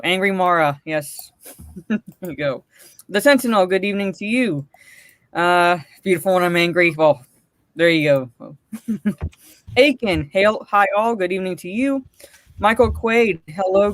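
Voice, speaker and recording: A woman's voice: fairly low pitch, dry recording, clean studio sound. Ranting, swearing woman streamer. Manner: swears a lot, ranting, greets chat. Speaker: co-host of a live stream. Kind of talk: casual live-stream chat.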